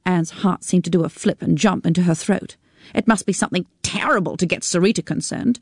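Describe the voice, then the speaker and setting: A woman's voice: lowish voice, a little fast, a little mellow, slightly rough, no echo, studio quality. Woman narrating a story on radio. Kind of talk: radio book reading.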